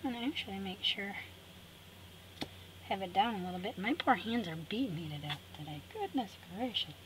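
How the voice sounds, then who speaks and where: A woman's voice: medium pitch, lively intonation, moderate pace. A woman hosting a craft tutorial, chatting to viewers and talking herself through the steps with cheerful asides. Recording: clear background noise.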